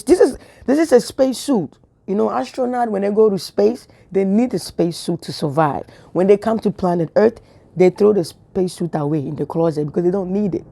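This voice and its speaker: A woman's voice: fairly low pitch, vocal fry, dark tone. A woman giving a casual spiritual message to camera, playful at times and full of repeated rhetorical questions. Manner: playful, joking asides. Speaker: online preacher.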